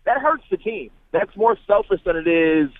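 A man's voice: sits high, lively intonation, normal speed, no room sound. A man calling into a sports radio show, earnestly arguing his point and often restarting his sentences. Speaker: caller. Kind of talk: call-in opinion. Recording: tinny phone line.

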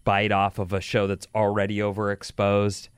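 A man's voice: on the low side, monotone, normal speed, clean tone, no echo. A man co-hosting a talk show, making dry, skeptical quips. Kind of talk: casual show chat.

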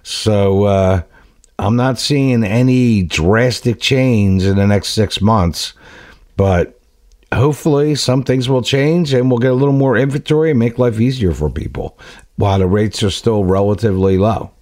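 A man's voice: lowish voice, unhurried, darkish tone, no echo. A man co-hosting a talk radio show, chatting and telling a joke in a storytelling way.

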